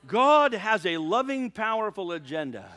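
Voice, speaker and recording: Animated preacher man, lively high-pitched voice. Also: moderate pace. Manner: animated, laughing storyteller turning to earnest preaching. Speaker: pastor. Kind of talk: sermon with humorous personal storytelling.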